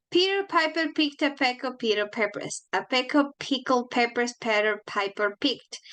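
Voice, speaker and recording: A woman's voice: on the high side, fairly bright tone. A woman teaching an online English class, friendly, asking her students the same questions again and again.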